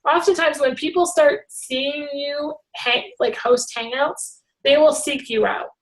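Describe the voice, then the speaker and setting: Chatty, rambling woman with a raised pitch. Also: a little slow, rough recording. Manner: rambling, animated, many fillers. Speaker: hangout organizer. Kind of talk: casual group video call.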